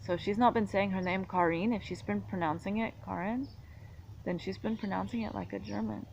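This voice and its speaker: A woman's voice: medium pitch, steady tone, fast talker, vocal fry, a little mellow, lo-fi sound, a little hiss or hum. A woman talking casually, hesitant at times and arguing her point. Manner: argumentative, hesitant with fillers. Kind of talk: casual monologue.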